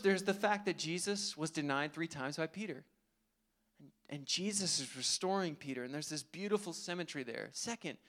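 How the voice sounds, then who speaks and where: High-voiced man preaching a sermon. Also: fairly bright tone. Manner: earnest, conversational preaching with rhetorical questions. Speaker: pastor.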